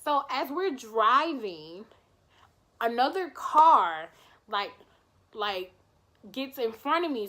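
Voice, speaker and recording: A woman vlogger telling a storytime tale in an animated, chatty, profane way. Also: fairly high pitch, takes it slowly, long pauses. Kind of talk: storytime vlog.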